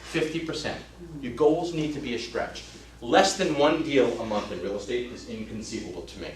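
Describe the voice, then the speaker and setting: A man in his fifties giving an emphatic motivational talk as a real estate trainer, swinging between loud urging and hushed storytelling. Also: mid-range voice, moderate pace. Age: 50s. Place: training room. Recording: roomy, distant mic, faint hum.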